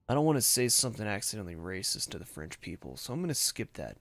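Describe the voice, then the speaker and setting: A man's voice: medium pitch, big pitch swings, brisk, hardly any pauses, soft background music. A man playing a game, reading its letters aloud and reacting with blunt, profane remarks. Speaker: let's play gamer. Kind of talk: casual gameplay commentary and reading game text aloud. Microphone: desk microphone.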